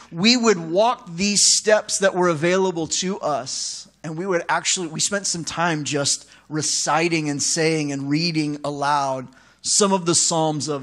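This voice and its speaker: A man preaching a sermon as pastor, conversational and animated, with asides to the congregation. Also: a little high.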